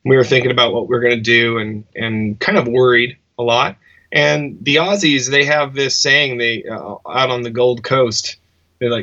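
Musician man, reflective interview chat, bright tone, slightly muffled. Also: medium pitch, fairly even intonation, normal speed. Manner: thoughtful, restarts often.

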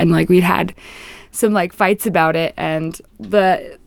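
Young woman with a low, gravelly voice. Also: fairly even intonation, measured pace, dry recording, clean studio sound. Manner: rambling, heavy use of "like", reflective. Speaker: musician guest. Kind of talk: casual interview chat.

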